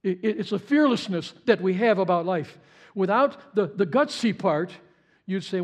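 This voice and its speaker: A man's voice: high voice, animated, normal speed. A male pastor preaching a sermon with passion, often repeating words and stumbling over restarts.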